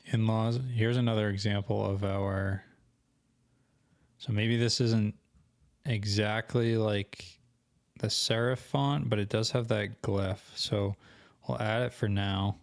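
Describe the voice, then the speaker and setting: A young man talks through a tutorial on his screen, thinking aloud and catching his own slips. His voice sits low, with little rise and fall, and is going a bit hoarse. The sound is dry and close to the mic. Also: steady tone, slow, dry recording. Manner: thinking aloud, casual, self-correcting. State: losing his voice. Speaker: co-host of an online selling channel. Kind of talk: screen-share tutorial walkthrough.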